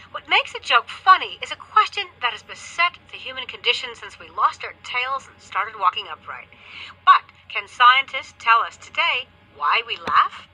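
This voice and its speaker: Woman radio host, brisk, scripted intro then easy chat, bright and sharp. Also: a little high, rough recording. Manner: brisk, scripted delivery in the intro, conversational with the guest. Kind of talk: radio interview.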